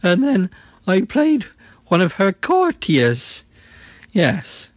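A flamboyant, theatrical actor who dithers through every sentence, as a man plays him. His pitch swoops widely and he speaks slowly, with halting ums, in a dry, close recording. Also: wildly swooping pitch, dry recording, full character voice. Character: flamboyant, hesitant male voice actor. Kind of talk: comedy character monologue.

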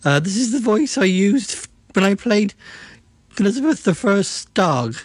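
A man voicing a flamboyant but hesitant actor who talks in halting phrases full of ums. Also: sits high, very animated, no room sound, heavily acted. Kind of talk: comedy character monologue.

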